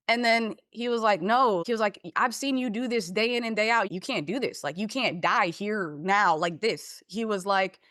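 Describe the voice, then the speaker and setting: A young woman, a podcast guest, telling her life story in a casual, animated way, swearing freely and acting out what her parents said. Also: mid-range voice, dry recording, clean studio sound.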